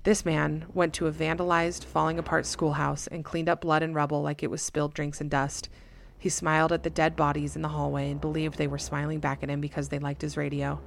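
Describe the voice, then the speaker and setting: A woman playing a gruff, raspy old great-uncle who speaks slowly and curtly. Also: fairly high pitch, monotone, a bit bright, a little hiss or hum. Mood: grave. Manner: slow, curt.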